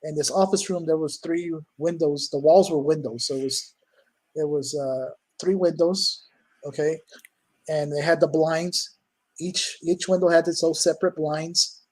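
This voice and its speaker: A man's voice: fairly high pitch, a little slow, poor audio. A man as an interview guest, telling stories casually and acting out his own exclamations. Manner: animated, acts out his own lines with raised voice. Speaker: guest, cryptid hunter.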